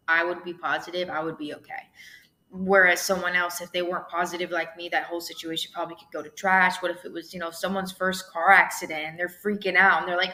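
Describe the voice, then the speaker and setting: A woman's voice: on the low side, sharp tone. A young woman hosting a casual solo podcast, talking chattily with lots of fillers and frequent swearing. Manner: chatty, swears freely, lots of "like" and "you know". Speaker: podcast host.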